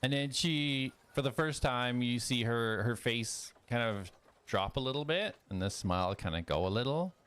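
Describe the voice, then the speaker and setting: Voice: mid-range voice, animated, moderate pace, fairly bright tone, smooth. Game master narrating a scene. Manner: descriptive, with fillers like "kind of".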